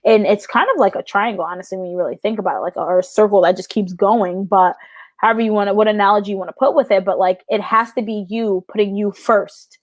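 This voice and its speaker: A woman's voice: medium pitch, fast talker, no room sound. A woman in her thirties chatting casually as an interview guest, frank and full of "like", swearing now and then. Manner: chatty, fills every sentence with "like". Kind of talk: casual storytelling chat.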